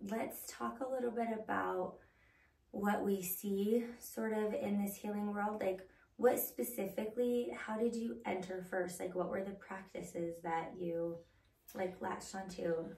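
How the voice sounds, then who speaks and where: Mellow-voiced woman podcast host. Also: medium pitch, steady tone, measured pace, creaky. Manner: affirming, asks open questions, frequent "mm-hmm". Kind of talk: casual conversational interview. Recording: roomy, slightly distant mic.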